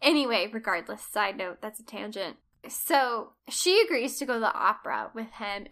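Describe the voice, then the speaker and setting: In a relaxed film recap chat, a podcast co-host retells the plot in animated detail, voicing the characters' lines and laughing often. Her voice is medium-pitched and her pace normal.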